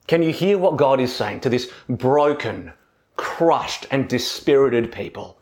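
A man preaching an expository sermon in an earnest, expressive way, often putting rhetorical questions to his listeners. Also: medium pitch, a little slow.

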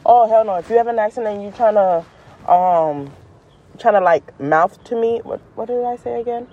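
A woman hosting her own show, talking in a casual, animated monologue full of slang, jumping up in pitch for emphasis and laughing as she goes. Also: moderate pace, phone-quality sound. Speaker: podcast host.

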